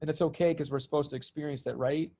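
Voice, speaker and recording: Animated storytelling man, somewhat high voice. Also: quick pace. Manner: lively, acts out voices in his stories, laughs often. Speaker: guest, spiritual comedian and healer.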